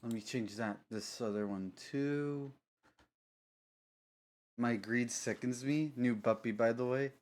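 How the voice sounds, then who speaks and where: A man's voice: mid-range voice, takes it slowly, long pauses, darkish tone. A man chatting casually on a live stream, rambling and giggling, often cutting himself off mid-sentence. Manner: rambling, giggly, self-interrupting.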